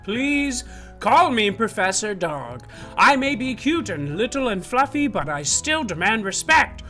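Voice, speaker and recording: A woman's voice: fairly high pitch, sing-song, unhurried, pushed and bright, full character voice. A woman voicing a small fluffy male dog professor who is proud and demands respect, speaking in a mock-stern way over light background music. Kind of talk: reading a story game aloud.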